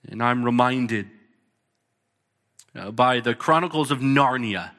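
A man in his thirties, speaking slowly in a medium-pitched, fairly bright voice, preaches a sermon as pastor. He is earnest and emphatic, using short, punchy repeated lines, and the church sanctuary gives a long, large-hall reverb.

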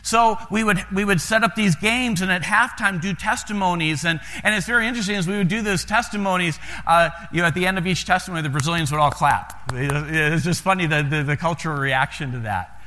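In a large hall, an American missionary pastor from the United States tells stories to his congregation in a folksy manner, his high-pitched voice bright, forceful, and a little fast. He often repeats words when starting a sentence as he delivers this sermon storytelling.

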